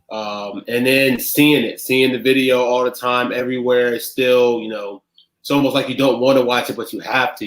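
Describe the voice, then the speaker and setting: Halting man in an echoey room. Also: mid-range voice, a bit bright. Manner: halting, many pauses and fillers. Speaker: podcast guest. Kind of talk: emotional discussion.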